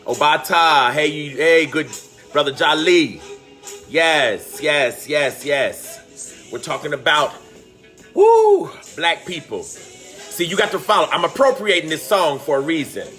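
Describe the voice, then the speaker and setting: A man's voice: fairly high pitch, lively intonation, measured pace, bright, forceful tone, faint music behind. A man teaching on a live stream, greeting viewers by name and calling out with fervent emotion. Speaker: teacher hosting a live online talk. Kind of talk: impassioned livestream teaching.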